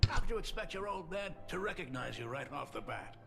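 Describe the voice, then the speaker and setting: An actor playing a teasing, wry middle-aged father, speaking in a gravelly voice in a game scene. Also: sits high, very animated, music in the background, exaggerated voice. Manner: wry, mocking, drawn-out.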